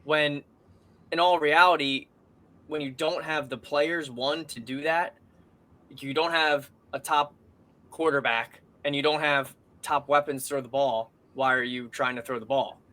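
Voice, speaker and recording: A man's voice: on the high side, fairly even intonation, a little slow, bright, forceful tone. A man co-hosting a podcast in casual sports chat, arguing his points emphatically. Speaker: podcast co-host.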